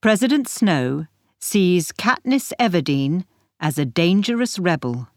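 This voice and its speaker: Woman reading language-lesson audio, slow and careful, lively pitch, dry close mic. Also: dry recording. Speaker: textbook audio reader. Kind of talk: scripted reading of example sentences.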